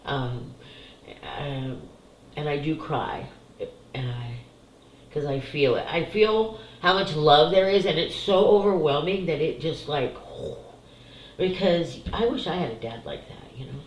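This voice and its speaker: Talking openly to her viewers, this middle-aged psychic discusses family and her spiritual cards with raw emotion, occasionally crying and cursing without restraint, in a relaxed card-reading video to camera. She speaks in a low, unhurried voice. The audio is poor, echoing around the room with slight hiss or hum.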